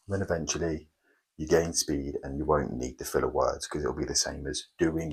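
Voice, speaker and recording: A man hosting a motivational self-help video, speaking slowly and emphatically with dramatic pauses and tongue-in-cheek grandeur. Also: very deep voice, fairly even intonation, breathy edge, rough recording. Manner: slow, deliberate, emphatic delivery with dramatic pauses. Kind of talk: motivational monologue.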